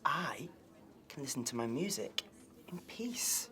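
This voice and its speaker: A woman's voice: extremely low pitch, big pitch swings, slow, heavily acted. A woman acting out a harried person trying to work amid noise, sighing in exasperation. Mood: exasperated.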